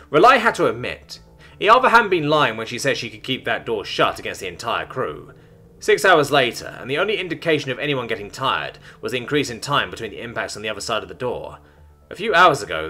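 A man narrating a science fiction story in an animated storytelling manner, with soft music beneath. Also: medium pitch, breathy edge. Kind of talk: scripted narration.

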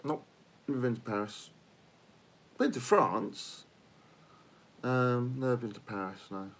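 Husky joking man. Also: medium pitch, unhurried, a bit bright. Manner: joking, crude, slips into silly mock-French voices. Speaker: livestream co-host. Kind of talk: casual livestream chat.

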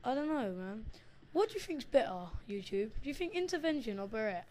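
A woman giving live gameplay commentary, excitable and swearing as she shouts at the game. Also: a little high, fairly quick. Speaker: gamer recording her match.

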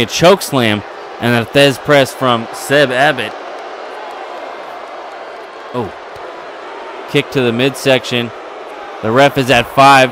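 A man giving excitable play-by-play commentary over a wrestling video game, getting louder at the big moments. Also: mid-range voice, background noise. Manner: excitable, building to yelling at near falls.

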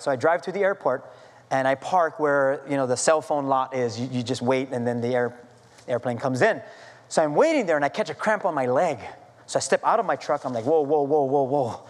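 High-voiced pastor telling a story. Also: male voice, big-room sound. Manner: animated storytelling with self-deprecating humor. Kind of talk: sermon. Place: church sanctuary.

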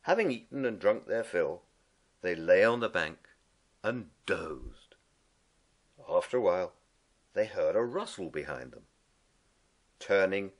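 A man reading a storybook aloud as narrator, slow and expressive. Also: deep voice.

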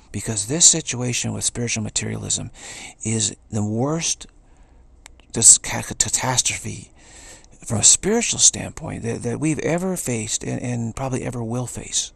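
A man's voice: mid-range voice, expressive, moderate pace, gravelly, fairly bright tone, husky. A man giving an earnest spiritual talk, repeating key phrases and restarting sentences as he goes. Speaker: spiritual speaker.

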